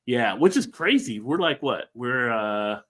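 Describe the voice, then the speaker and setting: A man's voice: mid-range voice, sing-song, measured pace, sharp tone. An American man hosting a casual live-stream chat over beers, rambling and laughing often. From United States. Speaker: host.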